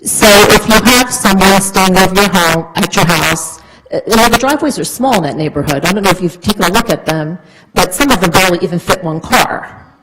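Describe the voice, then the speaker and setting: Low-voiced woman giving public comment. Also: brisk, fairly bright tone, a little hiss or hum, low-quality recording. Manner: earnest, explaining with many fillers. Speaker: resident speaking at public comment. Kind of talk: public comment at a council meeting.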